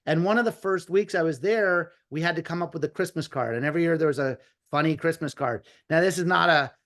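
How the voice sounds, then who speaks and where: A man in his fifties, a comedy writer guest, telling animated, rambling stories with lots of restarts and quoted asides. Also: fairly high pitch, fast. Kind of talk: casual storytelling interview.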